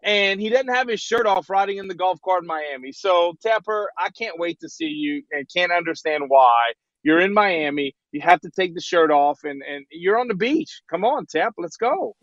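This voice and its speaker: A man's voice: high-pitched, lively intonation, moderate pace, hardly any pauses, fairly bright tone, no echo. Teasing man on a dull, lo-fi line. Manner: teasing, mock-indignant. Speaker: podcast co-host. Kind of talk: casual sports podcast chat.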